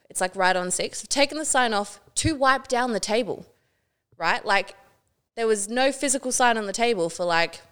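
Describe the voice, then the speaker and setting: A young woman with a smooth, clear voice tells a story on a casual podcast. She is animated, swears freely and acts out what people said. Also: medium pitch. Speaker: podcast co-host.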